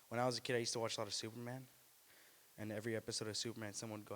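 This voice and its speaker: A young man performing a stand-up comedy set at an open mic, deadpan, breaking into loud high put-on voices. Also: rapid-fire, slight background noise. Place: small student venue. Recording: live room with long reverb.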